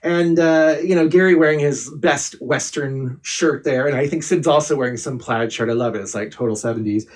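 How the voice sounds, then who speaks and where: An excitable man co-hosts a casual podcast recap, with a voice pitched somewhat high for a man. He jumps in eagerly and acts out the characters' lines as he goes. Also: moderate pace. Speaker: podcast co-host.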